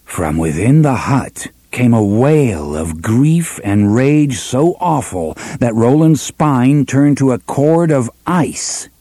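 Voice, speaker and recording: Husky-voiced male audiobook narrator. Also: medium pitch, animated, slow, few pauses, warm tone, dry recording. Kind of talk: scripted narration.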